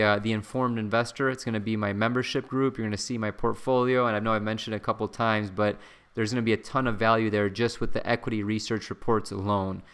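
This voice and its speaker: A man hosting a casual stock-market livestream from his home, chatting in a relaxed way with fillers and frequent asides to his viewers. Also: lowish voice, clear, resonant tone.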